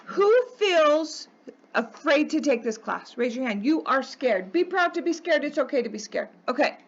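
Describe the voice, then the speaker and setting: A woman teaches a math class in an emphatic, coaxing way, often pausing to ask "okay?". Her voice sits fairly high. The recording from the classroom is dull and lo-fi. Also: expressive. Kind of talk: classroom lecture.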